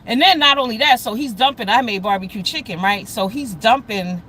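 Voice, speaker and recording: Her voice is a little high, sharp and fairly quick, captured in a rough recording with slight background noise. She's a middle-aged woman running a casual livestream, calling out viewers by name as they join while telling heated, blunt, profanity-heavy stories.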